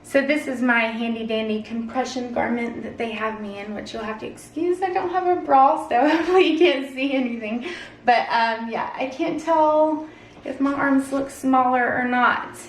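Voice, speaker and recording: A woman's voice: high-pitched, normal speed, slight background noise. A young woman from Oregon talking to her camera in a casual personal vlog, nervous, giggly and self-conscious. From Oregon, USA. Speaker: vlogger. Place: at home and in a car.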